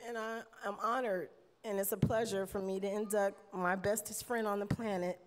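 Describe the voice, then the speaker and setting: An American woman presenting an award gives an emotional induction tribute at a podium in a large hall, her words trailing in long reverb. Her medium-pitched voice is fairly even at a normal speed; she's warm and chatty, laughs often, mimics others in quotes, and comes close to tears.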